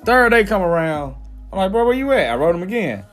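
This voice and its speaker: Young man, high voice, casual podcast storytelling, animated and profane, faint music behind. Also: a little fast. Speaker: podcast co-host.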